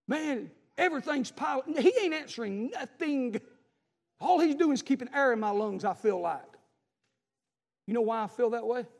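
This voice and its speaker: A male preacher with a strikingly high voice delivers a fervent sermon. He swings between shouted peaks and quiet, pleading passages. The sanctuary's long reverb carries every word. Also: creaky. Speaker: pastor. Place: church sanctuary.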